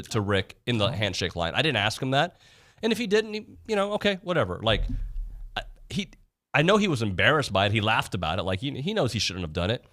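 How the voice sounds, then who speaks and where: A man co-hosting a sports radio show, chatting casually and with strong opinions. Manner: animated, opinionated, voices quotes in a high put-on tone.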